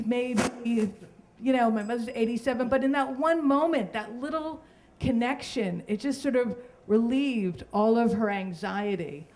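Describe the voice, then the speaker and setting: A woman's voice: high voice, slight background noise. A middle-aged woman telling a personal story on stage at a live story slam, chatty and self-deprecating, laughing through her lines.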